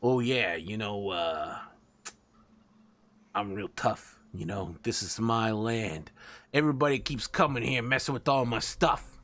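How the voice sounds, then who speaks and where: A man's voice: on the low side, unhurried, fairly bright tone. A man voicing a boastful male giant rat king with a brash, swaggering manner. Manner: swaggering, brash, full of filler.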